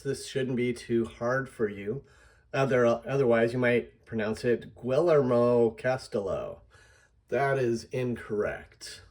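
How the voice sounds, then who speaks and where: A man teaching a pronunciation spelling method in a relaxed, explanatory way, with fillers and asides. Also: mid-range voice. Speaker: instructor. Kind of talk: casual screen-recorded lesson.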